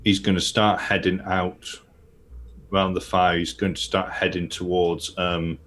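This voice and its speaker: A man's voice: sits low, level tone, unhurried, a bit bright, slight background noise. A man playing a tabletop game, describing his character's moves as he thinks aloud. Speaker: player. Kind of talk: casual tabletop play.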